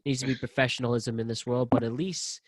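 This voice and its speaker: A man's voice: medium pitch, fast talker, dry recording. A man hosting a podcast in a loose, joking way, chatting easily with his guest. His voice sits mid-range and sounds close and dry, with no room around it. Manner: joking, loose, animated storyteller. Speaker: podcast host. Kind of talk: casual interview chat.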